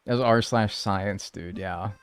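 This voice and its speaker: Faint music plays behind a man speaking slowly in a fairly low voice. He's hanging out on a game stream, reading and responding to chat in a relaxed, slangy style, with "dude" and "like" coming up often.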